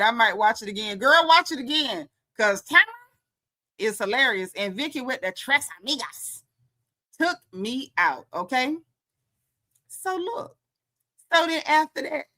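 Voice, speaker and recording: A woman with a bright, higher voice, recapping reality TV in a casual chat. She tells it as an animated story, switching into the voices of the people she quotes. Her delivery is clear and forceful. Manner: animated storytelling, acts out quotes, frequent laughs.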